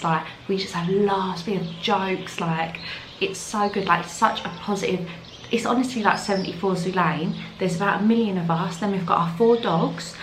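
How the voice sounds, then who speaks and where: Brief: young woman, London accent, lower voice, casual vlog chatter, echoey sound. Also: a bit bright, slight background noise. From London, England. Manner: chatty, full of "like" fillers. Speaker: vlogger. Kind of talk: casual chat to camera. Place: outdoors in the evening.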